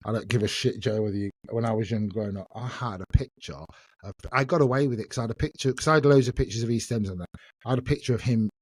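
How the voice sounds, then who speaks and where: A man hosts a casual solo podcast, rambling and laughing at himself as he goes. His voice sits at an everyday middle pitch. The sound is dry and close, with no room echo. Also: rapid-fire, a little mellow, breathy edge. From England. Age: 50s. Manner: chatty, self-mocking, laughs often. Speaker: podcast host.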